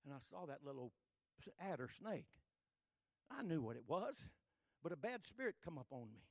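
Man, pastor, high voice, dry close sound, folksy storytelling, rising shouted crescendos. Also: sing-song, moderate pace, no echo. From Texas. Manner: repetitive, building to loud shouted crescendos.

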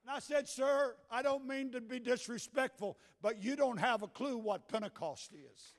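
A man in his sixties with a Southern US accent, preaching a Pentecostal sermon as pastor, moving from quiet storytelling to shouted preaching in a church. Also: extremely high pitch, moderate pace, hardly any pauses. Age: 60s. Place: church sanctuary. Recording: echoey hall with long reverb.

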